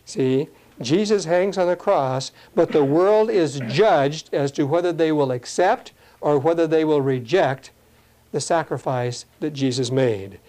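A man preaching a sermon, reading scripture slowly and explaining it in plain, earnest talk. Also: fairly high pitch, dark tone.

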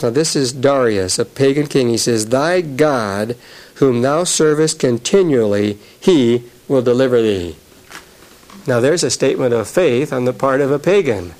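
A man's voice: mid-range voice, darkish tone. Man preaching through a Bible passage. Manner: reads scripture aloud then explains it conversationally. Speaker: pastor. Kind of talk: sermon.

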